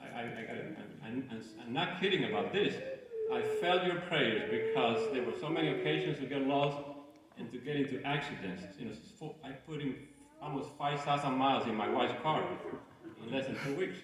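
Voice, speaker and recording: Man deacon, homily, halting, restarts and jokes, church booming from far off. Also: background noise. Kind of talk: sermon. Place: large church. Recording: echoey church hall from far off.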